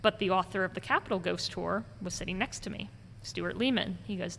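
A woman's voice: mid-range voice, fairly quick, vocal fry. A woman who gives ghost tours, telling stories in conversation and acting out the voices of the people in them. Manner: animated storyteller acting out quoted voices. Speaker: ghost tour guide. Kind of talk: conversational storytelling interview. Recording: long reverb with faint background noise.

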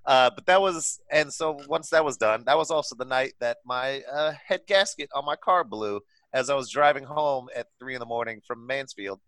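A man's voice: medium pitch, moderate pace, few pauses, fairly bright tone, dry recording. A young man casually telling a wild story among friends, swearing and laughing as he goes.

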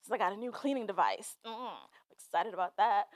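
A woman's voice: mid-range voice, a little fast, no room sound. A young woman hosting a podcast alone, talking candidly and profanely, laughing and teary as she tells a personal story. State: teary, laughing through tears. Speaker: podcast host. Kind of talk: casual monologue.

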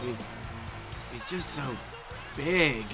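A man voicing a timid, bewildered co-commentator who drops deadpan asides. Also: mid-range voice, very slow, faint music behind, exaggerated voice. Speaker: co-commentator character.

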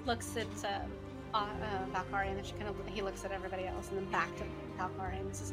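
A woman's voice: mid-range voice, little pitch movement, fast talker, music in the background. A woman narrating as game master of a tabletop game, rambling with many fillers.

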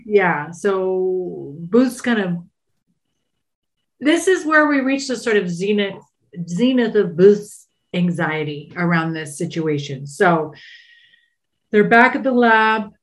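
A woman's voice: medium pitch, lively intonation, slow pace. A woman co-hosting a podcast, recapping a TV episode in a chatty, wry way with frequent filler words. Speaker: podcast co-host.

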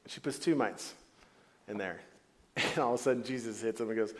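Guy pastor giving a sermon to his church, animated and jokey, mid-pitched voice. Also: fairly quick, pauses often, slight background noise. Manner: animated, playful, acts out quoted voices. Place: church hall before a congregation.

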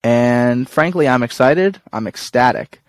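Young male co-host, mid-pitched, emphatic and mock-outraged. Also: measured pace. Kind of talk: casual sports chat.

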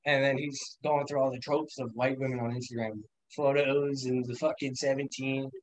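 A man's voice: mid-range voice, level tone, moderate pace, no room sound, lo-fi sound. A young man casually telling rambling, profane stories on a podcast, laughing often as he talks. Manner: rambling storyteller, laughs a lot, lots of swearing. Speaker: podcast guest. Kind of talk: casual chat.

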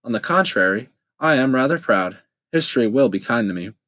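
A man's voice: mid-range voice, animated, fairly quick, fairly bright tone, dry recording, lightly acted. An imperious queen with an icy, dismissive edge, as a male narrator puts her on. She talks down to everyone with cool haughtiness. The audiobook voice sits dry and close, with no room around it. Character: cold, imperious middle-aged woman ruler. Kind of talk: audiobook character voice.

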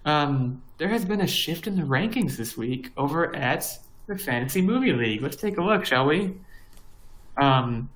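With a fairly high, animated voice at normal speed and a slightly bright tone, a young man co-hosts a podcast, chatting and rambling with frequent fillers and restarts. The recording quality is low.

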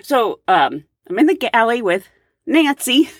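Animated woman telling a work story. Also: on the high side, measured pace, no room sound, studio quality. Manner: chatty, animated, with fillers and laughs. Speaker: podcast host, flight attendant. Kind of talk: casual storytelling.

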